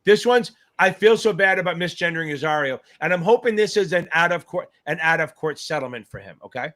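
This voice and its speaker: A fairly high-voiced man hosts a casual live Q&A stream for exam takers. His pitch swings widely as he cheers viewers on, swears freely and jumps between comments while thinking aloud. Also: brisk. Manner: animated, profane, hypes up viewers. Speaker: exam tutor hosting a live Q&A. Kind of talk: casual livestream chat.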